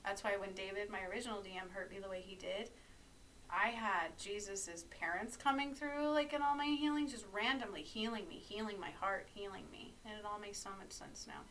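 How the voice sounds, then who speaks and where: A woman's voice: medium pitch, moderate pace, a bit bright, far from the mic, a little hiss or hum, poor audio. A woman delivering an urgent, preachy spiritual monologue as a healer speaking to her followers. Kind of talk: monologue to camera.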